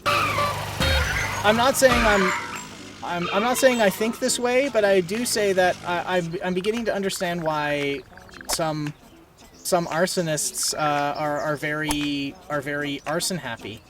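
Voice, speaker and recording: A man's voice: high-pitched, animated, unhurried, recorded from a distance. A man streaming live, telling a rambling, exasperated story in casual chat and swearing now and then. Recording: voice off-mic with loud music. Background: loud music.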